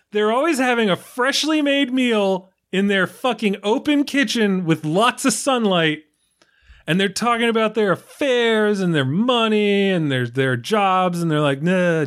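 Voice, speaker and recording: A man's voice: high-pitched, fairly bright tone. An American man co-hosting a film podcast, talking casually and animatedly, swearing freely and acting out characters' lines. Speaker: podcast co-host.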